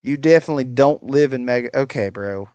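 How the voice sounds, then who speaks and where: Man, livestream host, profane, mocking, rambling, mid pitch, dry close sound. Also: fairly quick, a little mellow, clear, resonant tone, no echo, lo-fi sound. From United States. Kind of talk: casual livestream chat reacting to comments. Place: rural home.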